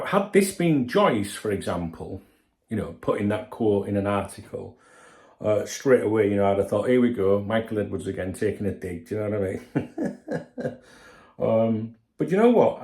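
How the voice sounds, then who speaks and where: A man's voice: lowish voice, animated, measured pace, a little mellow, echoey room. A man hosting a football channel, giving a blunt, sweary opinion rant straight to his viewers. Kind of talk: casual opinion commentary.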